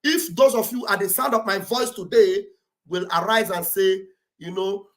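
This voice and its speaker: A Nigerian man with a booming voice rallies listeners on a livestream, his English laced with Pidgin. He talks in a high register and pushes his appeals to a shout, like a preacher at a pulpit. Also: moderate pace. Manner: loud, preachy, shouting exhortations. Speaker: livestream commentator. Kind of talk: impassioned livestream address. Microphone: streaming setup mic.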